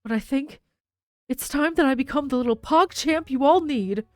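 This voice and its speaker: A woman's voice: high-pitched, moderate pace, darkish tone, dry recording, voice pushed up, lightly acted, low-quality recording. A woman reading as a goofy teen boy TV star. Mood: apologetic. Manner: overly formal, goofy. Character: showy teenage boy TV personality, silly.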